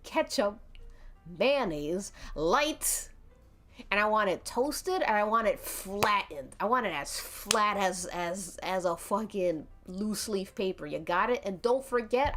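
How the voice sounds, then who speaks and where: A bossy, fidgety brute of a man barks out demands and curses, as a woman puts him on. The delivery is slow and unhurried but swings widely in pitch. Soft stream music plays faintly underneath. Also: animated. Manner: foul-mouthed and demanding. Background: faint background music.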